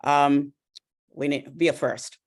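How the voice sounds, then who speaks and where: A man's voice: a little high, level tone, slow. A man in casual conversation who talks hesitantly, with fillers and short laughs. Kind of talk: casual chat.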